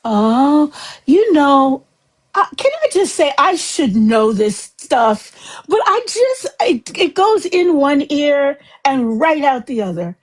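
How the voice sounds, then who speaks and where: A woman's voice: sits high, sing-song, slow. A woman hosting a casual livestream chat, rambling and chatty, laughing often. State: eyes watering from chemo. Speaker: livestream host.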